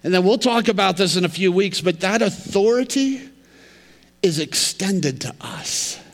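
A male pastor preaching a sermon in a conversational yet emphatic way, swinging between loud and quiet passages. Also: high voice, expressive, measured pace. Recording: long reverb of a large hall.

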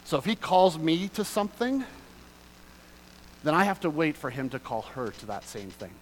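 Male pastor mid-sermon, slightly raised pitch, swings from quiet scripture reading to forceful emphasis, light hum in the background. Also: sing-song, moderate pace, poor audio. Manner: swings from soft reading to loud passionate emphasis.

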